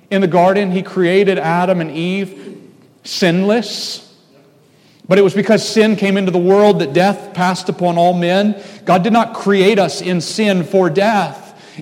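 A man's voice: a little high, a little mellow. A man, a pastor, preaching a sermon and speaking earnestly and pastorally to his congregation in a church sanctuary. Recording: long hall reverb.

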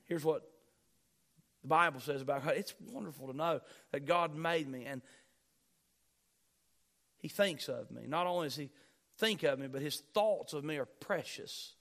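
Man, pastor, sermon, raised voice on key lines, fairly high pitch. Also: moderate pace, vocal fry, pauses often, a bit bright. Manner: preaching with rising emphasis, repeating key phrases.

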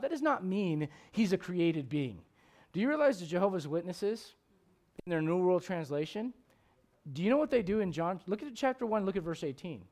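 A man preaching a sermon as pastor, swinging between loud emphatic questions and low, quiet asides.

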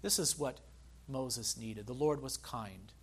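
A man preaching a sermon as pastor, earnest, slowing down to stress key phrases and speaking directly to the congregation. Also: medium pitch, husky.

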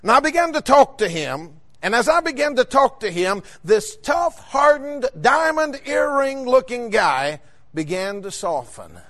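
High-voiced preacher man. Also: sing-song, a little slow. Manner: fervent, rising to shouts on key points. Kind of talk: sermon with personal storytelling.

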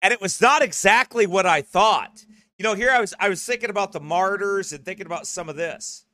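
A man's voice: high voice, a little fast, pushed and bright, dry recording, clean studio sound. A man hosting a broadcast, rambling casually and often checking in with "okay?" or "right?" and breaking into laughter. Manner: laughs often while talking. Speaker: host.

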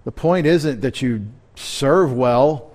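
Speaking slowly in a medium-pitched, darkish voice, a pastor delivers a midweek sermon in a conversational style. He asks his congregation questions and slips in jokes.

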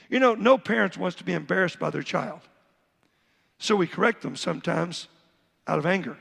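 Gravelly high-voiced preacher in echoing church. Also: male voice, normal speed, pauses often, a bit bright. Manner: preaching with repeated asides and Bible reading. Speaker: pastor. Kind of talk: sermon. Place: church sanctuary.

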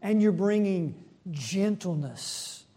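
Slow, earnest male preacher. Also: lively intonation. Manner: builds in pitch and loudness when pressing a point, then drops low and soft; slow, deliberate delivery with rhetorical questions. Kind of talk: sermon.

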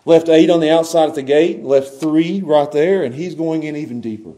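High-voiced impassioned male preacher. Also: moderate pace. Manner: swings from hushed low tones to loud impassioned crying out. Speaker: pastor. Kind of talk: sermon.

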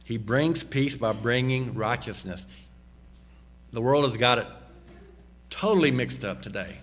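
A man preaching a sermon, slowing down and dropping low on key phrases and rising sharply when he exhorts. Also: fairly bright tone. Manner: emphatic, slows and drops low on key phrases; rises sharply in pitch and volume when exhorting. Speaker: pastor.

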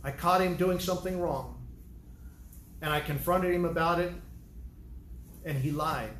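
A man's voice: fairly high pitch, measured pace, a bit bright, slight background noise. A man, a pastor, giving an earnest, emphatic sermon and often restarting his sentences. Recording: roomy hall sound.

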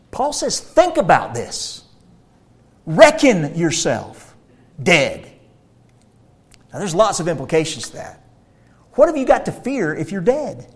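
A man preaching a sermon, emphatic, swinging between quiet explanation and loud, forceful declarations. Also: a little high.

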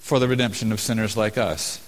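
A man's voice: lowish voice, fairly even intonation. Guy preaching a sermon, draws out the big words, long echo off the hall. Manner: emphatic, slows down to stress key phrases. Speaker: pastor.

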